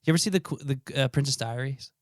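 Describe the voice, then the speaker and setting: A man's voice: medium pitch, racing, no room sound, clean studio sound. A man co-hosting a podcast in casual chat, joking and loose, swearing now and then. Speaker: podcast co-host.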